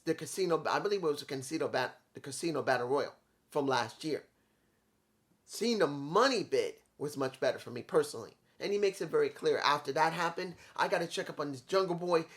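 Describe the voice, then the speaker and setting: A man reviewing a wrestling show on his own, emphatic and opinionated, repeating his points in short punchy lines. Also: a little high. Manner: opinionated, repetitive, emphatic rants. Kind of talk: solo video review.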